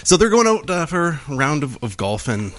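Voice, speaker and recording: Man, podcast co-host, casual chat, stop-start delivery, animated pitch, dry sound. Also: no room sound. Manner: halting, many restarts, laughs and shouts while telling jokes. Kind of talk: casual chat, telling a joke. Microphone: close studio mic.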